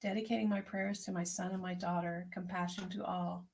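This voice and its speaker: A woman herbalist hosting an online tea circle, speaking in a gentle, unhurried, prayerful way as she reflects and reads out messages. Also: on the low side, level tone. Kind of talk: reflective spoken meditation and chat reading.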